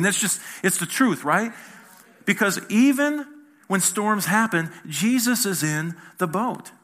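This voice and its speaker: A man preaching a sermon in a bright, fairly high voice. He talks to the congregation like a friend, tossing them questions, then rises to loud emphasis before dropping low and quiet. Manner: conversational preaching, swings between loud and hushed; asks the audience questions. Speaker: pastor.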